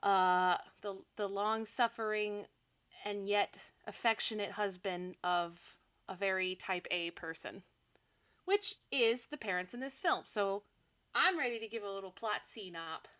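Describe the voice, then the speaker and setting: A young woman talks through a film plot in loose, animated podcast chat. Her voice is bright and crisp, and she laughs often and drops sarcastic asides. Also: mid-range voice, measured pace. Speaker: podcast co-host. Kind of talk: casual movie recap chat.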